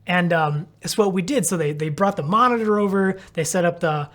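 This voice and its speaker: A man's voice: high voice, fairly quick, a bit bright. A man, a physical therapist, casually retelling a story and filling it with "like" while acting out his own thoughts. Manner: rambling, heavy on "like", acts out his own thoughts.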